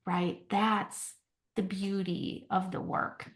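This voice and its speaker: A woman who runs a company is a guest on a conversational podcast, reflecting earnestly on healing and often checking in with a questioning "right?". Her voice is mid-range with little pitch movement, and she speaks slowly.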